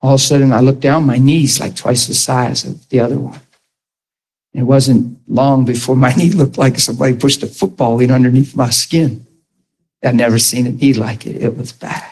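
A man's voice: mid-range voice, steady tone, moderate pace, a little mellow, slightly rough, poor audio. A man preaching an earnest testimony sermon, talking to his audience directly and conversationally.

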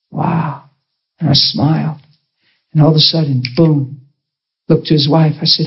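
A male preacher telling a story in a sermon, animated and emphatic, acting out the dialogue. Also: on the high side, moderate pace, slightly rough, dull audio.

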